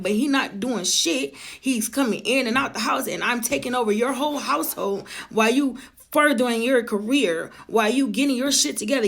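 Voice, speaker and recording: A woman in her forties telling a personal story in a blunt, profane and animated way. She talks quickly and emphatically, turns to the audience with asides, and slows down to stress her points. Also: on the high side, creaky. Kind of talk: casual storytime monologue.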